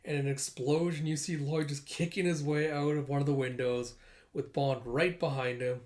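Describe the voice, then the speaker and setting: A manga reader narrating a comic chapter casually, animated and giggly, reading out sound effects. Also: mid-range voice, normal speed. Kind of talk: casual comic read-through.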